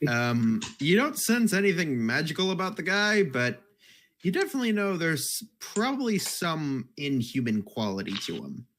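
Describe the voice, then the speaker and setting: A man's voice: on the high side, sing-song, moderate pace, fairly bright tone, a little hiss or hum. A man narrating a tabletop game as game master, rambling and restarting his phrases.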